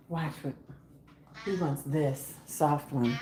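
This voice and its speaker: A chatty woman with a slightly low voice talks casually to her camera at home in the morning. She rambles from thought to thought, laughs easily and talks to her cat, with a faint hiss of noise behind her. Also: lively intonation, a little slow, darkish tone. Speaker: travel vlogger.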